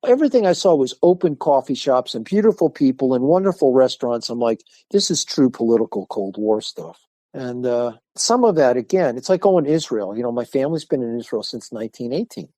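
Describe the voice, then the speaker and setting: An older man, a martial arts instructor, telling lively stories in a podcast interview and acting out the people he quotes. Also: mid-range voice, fairly quick, dry recording. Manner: animated storyteller acting out quoted voices.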